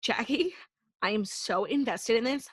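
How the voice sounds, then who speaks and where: A woman's voice: on the high side, expressive, unhurried, a bit bright, slightly rough, no echo. A young woman co-hosting a pop culture podcast, talking bluntly and casually, swearing freely and saying "like" a lot. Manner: blunt and frank, swears, lots of "like". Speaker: podcast co-host. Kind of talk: casual chat.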